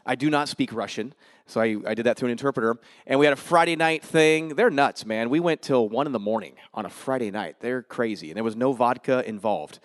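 A man giving a guest sermon in a church, casual and joking, with energetic preaching. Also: medium pitch, fairly quick, dry recording, clean studio sound. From Denver area, US. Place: church sanctuary.

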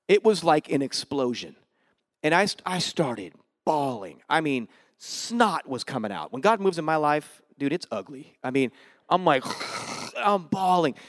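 A man preaching a sermon, telling his conversion story with animated emotion, casual slang and sudden swings from loud to hushed. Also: a little high, unhurried, no room sound. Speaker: pastor. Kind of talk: sermon with personal testimony.

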